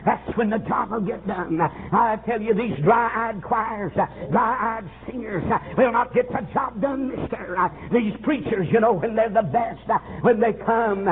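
A man preaching a revival sermon, fervent and swooping, with frequent "uh"s and bursts of shouting. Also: sits high, a little slow, hardly any pauses, faint music behind. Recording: tinny phone-like old recording with faint hiss.

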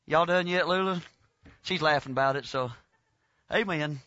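Southern guy preaching revival, bright ringing voice, real dry sound. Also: on the high side, moderate pace, no echo, highs cut off. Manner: folksy, rising to fervent shouting. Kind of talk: revival sermon. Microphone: lapel mic.

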